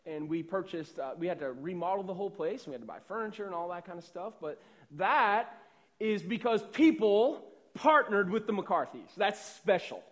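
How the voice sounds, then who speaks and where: A young man delivering a sermon in a relaxed, conversational pastor's voice that sits high for a man. He often repeats himself and checks in with the room. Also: normal speed. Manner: conversational, repeats words and asks "right?".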